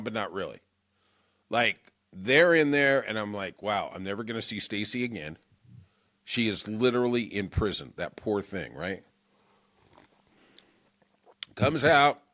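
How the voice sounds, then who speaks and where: A man's voice: medium pitch, a bit bright. A middle-aged man hosting a political podcast, rambling through a jokey, self-mocking monologue. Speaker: podcast host. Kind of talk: casual comic monologue.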